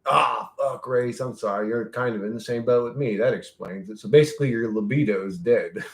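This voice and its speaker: This man talks at a moderate pace in a medium-pitched voice, his livestream audio carrying a roomy echo. Laughing often and swearing without restraint, he reads the chat aloud and jumps around from topic to topic.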